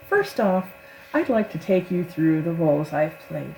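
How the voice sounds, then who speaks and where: A woman's voice: low-pitched, big pitch swings, a little slow, gravelly, noisy background. A woman voice actor talking casually to the camera, chatty and self-deprecating.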